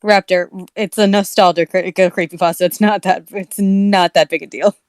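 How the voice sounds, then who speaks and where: A woman's voice: mid-range voice, fairly even intonation, moderate pace, no room sound. A woman co-hosting a casual comedy podcast, teasing and blunt with the others.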